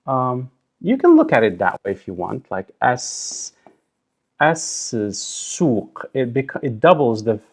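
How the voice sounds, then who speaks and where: A man teaching a recorded language lesson, sounding out syllables slowly and deliberately. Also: mid-range voice. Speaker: Arabic teacher.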